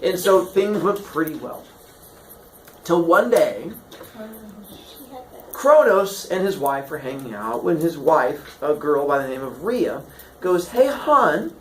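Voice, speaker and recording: A man with a fairly high voice goes slowly, leaving long pauses, as he tells old myths to a class as comic stories. He's animated and jokey, slipping into silly voices for the characters, and the echoey recording has slight background noise.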